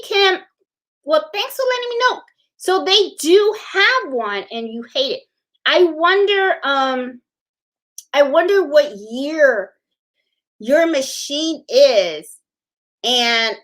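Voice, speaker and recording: A middle-aged woman chats casually on a live sewing stream, and her voice sits a little high. She rambles from story to story, laughs easily and stops to answer viewer comments. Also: fairly bright tone. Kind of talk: casual livestream chat.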